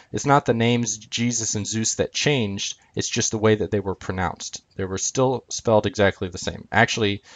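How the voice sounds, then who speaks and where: A man's voice: on the low side, dry recording. A man teaching from a chart on screen, talking unscripted with frequent ums and uhs as he walks through each item. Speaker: video lecturer.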